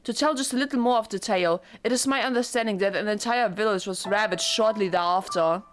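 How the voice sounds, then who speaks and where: A woman voicing a chillingly gentle young maid, speaking softly and formally as she reads a visual novel aloud. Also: medium pitch, brisk, close to an everyday voice. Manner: soft, formal and courteous.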